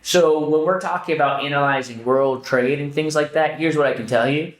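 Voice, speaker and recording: A man co-hosting a podcast, telling stories in casual chat, animated, swearing, often restarting his sentences. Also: fairly high pitch, a little fast. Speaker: podcast co-host. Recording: roomy echo.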